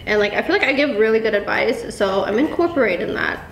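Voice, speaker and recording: A woman's voice: medium pitch, fast talker, creaky, reverberant, a crowd in the background, rough recording. A young woman, a guest youtuber, doing her friend's makeup while teasing and laughing. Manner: excitable, teasing, bursts into laughter. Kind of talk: casual chat.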